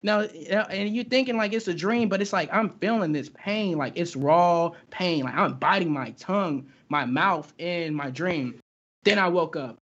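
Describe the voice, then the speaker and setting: A young man, a guest in a casual interview, recounts his own experience in halting speech full of fillers and restarts. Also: sits high, fairly bright tone, slightly rough. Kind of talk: casual storytelling. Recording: dull lo-fi recording.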